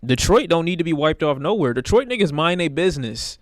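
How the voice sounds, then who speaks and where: A man's voice: a little high, animated, brisk, hardly any pauses, no room sound, studio quality. A man streaming live, reacting to videos with blunt, profane, rambling commentary in a casual way.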